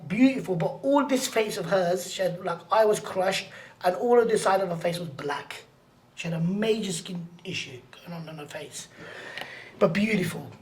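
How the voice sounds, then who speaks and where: Animated man telling stories. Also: high voice, a little hiss or hum. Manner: animated, acts out voices in anecdotes; blunt, streetwise slang. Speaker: podcast guest. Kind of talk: casual storytelling.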